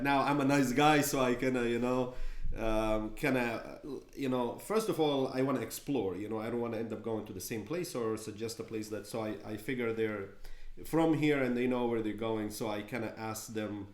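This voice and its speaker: A man's voice: medium pitch, moderate pace. Hesitant man answering questions. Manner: hesitant, many fillers, animated bursts. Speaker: client. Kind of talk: casual answers in a Q&A. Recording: echoey room.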